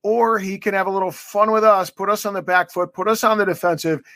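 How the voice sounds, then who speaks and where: A man's voice: sits high, steady tone, fairly quick, sharp tone, no echo, clean studio sound. A man co-hosting a sports podcast interview, joking and rambling with plenty of fillers. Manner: jokey, rambling, filler-heavy. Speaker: co-host.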